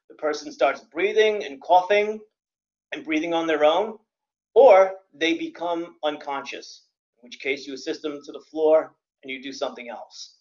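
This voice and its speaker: Male CPR instructor, plain-spoken lecture with dry humor, a bit high-pitched, muffled lo-fi audio. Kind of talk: classroom lecture. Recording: dull lo-fi recording.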